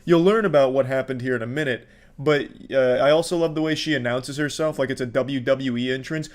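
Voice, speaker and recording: A man giving profane, sarcastic commentary on viral videos in a deadpan delivery. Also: medium pitch, fairly quick. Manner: sarcastic, deadpan, swears constantly. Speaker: online commentary host.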